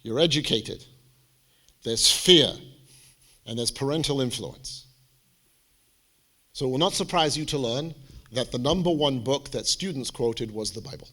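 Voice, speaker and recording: A man speaking as a college admissions adviser, giving a lively, theatrical presentation to students and parents. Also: medium pitch, a little slow, long pauses. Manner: animated, theatrical, jokey storyteller.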